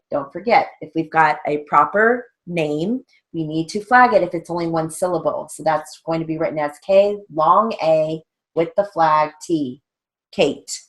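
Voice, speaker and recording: A woman's voice: low-pitched, unhurried. A woman teaching a stenography theory lesson, dictating drill sentences carefully and spelling out strokes letter by letter. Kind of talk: instructional lesson.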